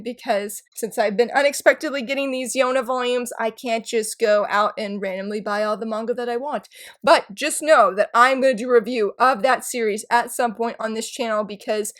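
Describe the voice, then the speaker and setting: A woman in her thirties talks straight to her viewers in a casual book vlog. Her voice sits a little high, and she gushes and rambles with bubbly excitement. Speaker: book YouTuber.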